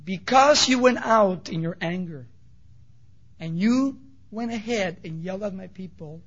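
A man voicing God as a stern but fatherly older male figure who speaks calmly, firmly and plainly. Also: high voice, a little slow, exaggerated voice. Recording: dull lo-fi recording.

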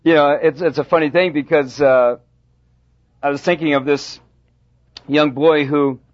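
A pastor preaching a sermon, telling a folksy story with halting restarts. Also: male voice, fairly high pitch. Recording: dull lo-fi sound.

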